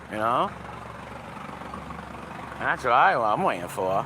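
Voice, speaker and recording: A man's voice: medium pitch, big pitch swings, unhurried, long pauses. A middle-aged man from Providence with a Rhode Island accent, chatting casually with viewers while walking his dog on a city street. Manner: rambling, profane, bouncing between greetings and rants. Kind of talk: casual livestream chat with viewers. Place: city street with passing cars. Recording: faint street traffic noise.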